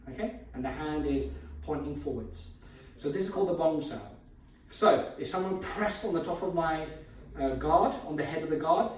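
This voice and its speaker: Martial arts teacher in an echoey room. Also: male voice, on the high side, a little mellow. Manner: explanatory, moving while demonstrating. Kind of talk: demonstrating martial arts technique. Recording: echoey room from far off, faint noise.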